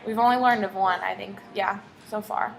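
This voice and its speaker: A woman's voice: mid-range voice, fairly even intonation, normal speed, vocal fry, soft background music. A woman teacher tutoring one pupil in phonics, patient and encouraging, asking question after question. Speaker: reading teacher.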